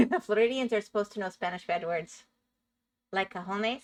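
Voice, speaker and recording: A woman with a medium-pitched voice at normal speed live-streams Minecraft. It's casual chat with her viewers as she plays, with frequent laughter.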